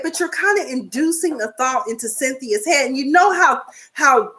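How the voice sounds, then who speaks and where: A woman in her forties chatting casually as she recaps a reality show, sassy and talkative, her pitch jumping between high and low. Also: lively intonation, normal speed, pushed and bright. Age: 40s.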